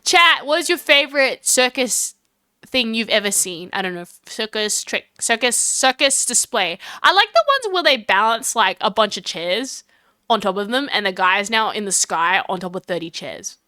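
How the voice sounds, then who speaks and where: A woman's voice: mid-range voice, sing-song, moderate pace, sharp tone, dry recording. A young Australian woman chatting casually and bubbly while streaming a game, rambling through her stories. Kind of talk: casual live-stream chat.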